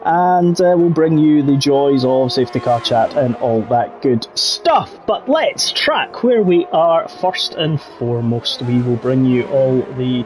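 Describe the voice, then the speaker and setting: A man's voice: mid-range voice, lively intonation, a little slow, hardly any pauses, darkish tone, soft background music. A Scottish man doing jokey, rambling live commentary for an online racing league. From Scotland. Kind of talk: live esports race commentary.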